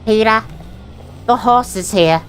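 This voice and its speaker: Man putting on a high, pompous cartoon announcer voice. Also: takes it slowly, fairly bright tone, slight background noise. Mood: announcing.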